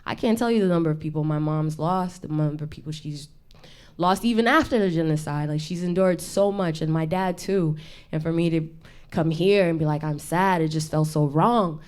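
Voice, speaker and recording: A woman's voice: low voice, moderate pace, darkish tone, clear, resonant tone. A young woman performing a chatty, self-deprecating stand-up set on a small studio stage, laughing between her lines. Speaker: stand-up comedian. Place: intimate studio stage with audience.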